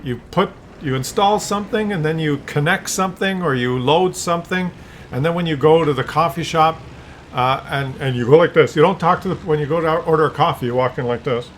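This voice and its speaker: A man's voice: fairly high pitch, fairly quick, fairly bright tone, slight background noise. An older man talking in a loose, rambling monologue, often restarting words and acting out little scenes. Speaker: vlogger.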